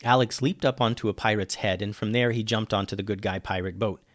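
A man reading a children's adventure story aloud, lively, dropping low and quiet on the narration tags. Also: a little fast, no room sound, clean studio sound.

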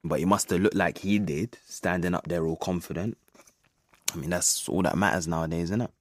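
A cynical streetwise Londoner. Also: male voice, low voice, brisk, no room sound, studio quality. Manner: casual slangy, musing, wry. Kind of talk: audio drama monologue.

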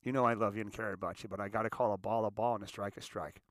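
A man's voice: fairly low pitch, fairly even intonation, racing, no room sound, clean studio sound. A man hosting his own show, talking in a loose, rambling monologue full of restarts and repeated words. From United States. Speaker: show host. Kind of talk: casual monologue.

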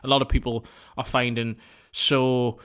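Bright-voiced analytical football guest man. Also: mid-range voice, flat delivery, measured pace, clean tone. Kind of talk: casual football podcast chat.

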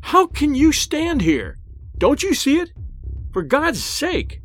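A man voicing a panicked middle-aged male shopkeeper who shouts and pleads frantically. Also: extremely high pitch, wildly swooping pitch, slow, soft background music, pitched above the performer's own voice, heavily acted. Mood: frantic.

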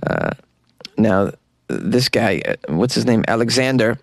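A man's voice: lowish voice, wildly swooping pitch, measured pace, creaky, no echo. A man hosting a comedic weird-news podcast from a small closet, reading stories and mocking them sarcastically. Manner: sarcastic, mocking commentary with laughs. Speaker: podcast host.

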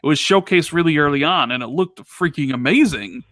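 A man's voice: on the high side, a little fast, no room sound. Rambling chatty man, dry close mic. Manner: animated, rambling with many restarts and fillers. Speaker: podcast co-host. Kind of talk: casual podcast chat.

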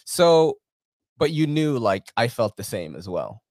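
A man's voice: medium pitch, very animated, measured pace, a little mellow, no room sound, studio quality. A man co-hosting a podcast, chatting casually with loose, profane, joking banter. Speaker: podcast co-host. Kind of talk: casual chat.

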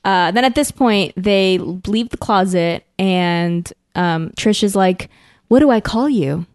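A woman chats through a story recap at an ordinary pitch, jumping into the characters' voices as she goes. The sound is dry and close. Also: slow, no echo. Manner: animated retelling, acting out characters' lines with laughs. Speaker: podcast co-host recapping an episode. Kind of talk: casual chat.

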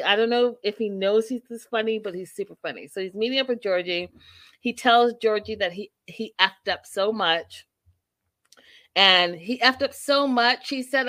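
A woman hosting a reality TV recap show, chatting casually and acting out the cast's lines with lots of expression. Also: mid-range voice. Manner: animated, acts out the cast's lines, laughs often.

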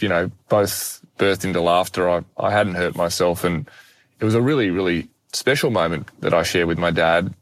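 A young man, an animated, self-deprecating guest telling a personal story in conversation. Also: low voice, no room sound. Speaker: guest speaker.

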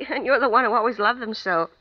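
A woman playing a brisk wife. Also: a little high, no room sound, lightly acted. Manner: brisk, teasing. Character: American wife, brisk and practical. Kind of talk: radio drama acting. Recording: dull lo-fi old recording, faint hiss.

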